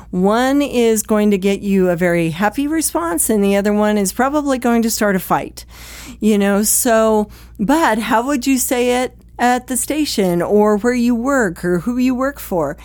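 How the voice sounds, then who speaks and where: A woman's voice: medium pitch, measured pace, darkish tone, no echo. A direct, plain-spoken woman teaches first responders about communication at home. She talks in a conversational way and briefly acts out quoted exchanges. The recording is dry and close, with almost no room sound.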